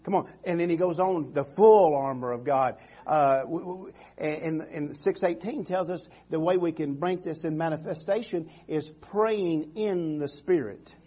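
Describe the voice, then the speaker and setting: Husky-voiced preaching man. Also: on the high side, a little slow, hardly any pauses, a little mellow. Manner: preaching with call-and-response "Amen" and "Come on", stammering restarts. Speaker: pastor. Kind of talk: sermon. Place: church sanctuary.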